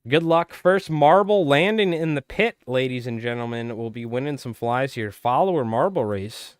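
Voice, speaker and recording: A man with a smooth, round voice that is wearing hoarse, calling a race like a playful sportscaster on a live stream. He talks close to the mic in a dry, dead room. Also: mid-range voice, lively intonation, moderate pace, dry recording. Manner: playful sportscaster-style play-by-play of a marble race. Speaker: fly tying live streamer.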